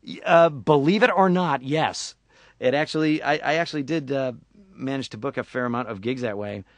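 Man, middle-aged, from syracuse, joking interview chat, puts on funny voices, medium pitch, dry close mic. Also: normal speed, no echo. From Syracuse, New York. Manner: jokey, slips into put-on voices and impressions. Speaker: voice actor guest.

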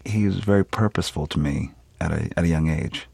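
A man's voice: a bass voice, a little fast, vocal fry, slightly rough, no room sound. A man in his fifties from Philadelphia, an actor talking expressively about his work in an interview. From Philadelphia, USA. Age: 50s. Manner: animated, expressive storytelling with laughs. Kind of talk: conversational interview.

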